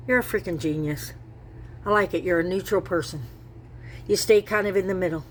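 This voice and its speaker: A woman's voice: lowish voice, a little hiss or hum. Earnest middle-aged woman talking to camera. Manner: earnest, repetitive, rambling. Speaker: vlogger. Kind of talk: casual talk to camera.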